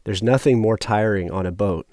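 A man with a lowish voice reads scripture and then explains its background in a reflective way. The recording is dry and close, like a small discussion group sitting around a table. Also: moderate pace, a little mellow, dry recording. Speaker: Bible study participant. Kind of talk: Bible study discussion.

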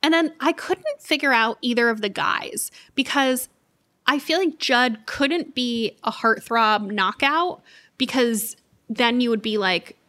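A woman's voice: fairly high pitch, unhurried, pushed and bright. A woman co-hosting a casual book podcast, thinking aloud with many restarts and fillers. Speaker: podcast co-host.

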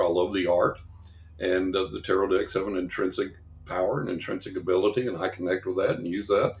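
A man, a psychic guest, chatting and telling stories in an animated way. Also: low voice, gravelly, roomy sound. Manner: animated, acts out quoted voices; casual chatty. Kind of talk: casual storytelling.

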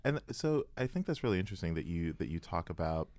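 A man's voice: low voice, very animated, fast, darkish tone. A man hosting a podcast interview, asking thoughtful, meandering questions with easy laughter. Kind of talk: conversational interview.

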